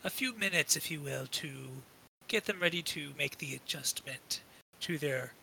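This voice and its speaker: A man voicing a male adventurer posing as one of the lizard-folk, slow and overly polite in formal speech. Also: on the high side, gravelly, bright, forceful tone, a little hiss or hum, full character voice, rough recording. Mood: courtly.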